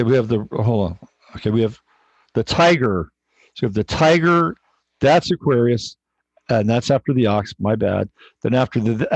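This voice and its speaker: A man's voice: mid-range voice, creaky, a little mellow, no echo. A man hosting an astrology livestream, telling a story in a rambling, casual way, swearing and often correcting himself, on a dull, dry recording.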